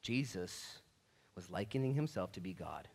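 A man preaching a sermon as a pastor, telling stories and acting out the quoted voices in them, moving from quiet asides to loud, emphatic bursts. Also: low voice, lively intonation, normal speed, vocal fry. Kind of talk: storytelling sermon.

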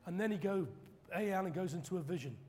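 A man preaching a sermon, telling stories dramatically and acting out quoted preachers in loud high bursts. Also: fast. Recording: long hall reverb.

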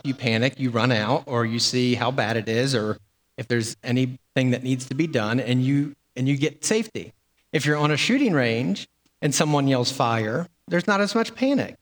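A man's voice: medium pitch, in a large hall. A man delivering a sermon as pastor, in a conversational way with fillers and repeated words.

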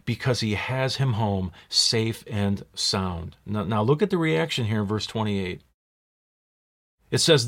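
A man preaching a sermon as a pastor, emphatic, posing rhetorical questions and slowing down to stress key words. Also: lowish voice.

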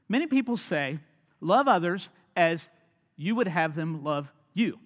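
A man preaches a sermon in a fairly high voice, rising to loud emphatic points and then dropping to quiet, almost whispered lines. His voice rings out in a big hall with a long, lingering reverb. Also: expressive, unhurried. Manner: dynamic, swings from loud emphasis to hushed near-whispers. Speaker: pastor.

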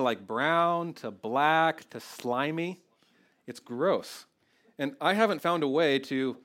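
A man's voice: fairly high pitch, a bit bright. A man preaching a sermon, earnest and conversational, often restarting his phrases and growing emotional. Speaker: pastor.

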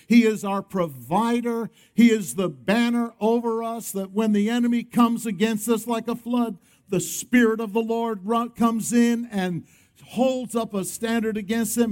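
A man's voice: sits high, a little mellow. A male pastor preaching a sermon, emphatic, often calling on the congregation to respond.

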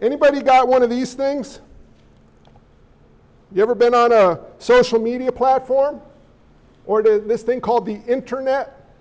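A male pastor preaching an animated sermon, throwing rhetorical questions at the congregation and slipping in joking asides. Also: very high voice, normal speed, long pauses, lo-fi sound.

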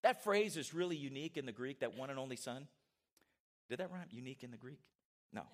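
A middle-aged man preaching a sermon in a church, animated and conversational, with asides to his congregation. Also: mid-range voice, fast. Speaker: pastor. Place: church sanctuary.

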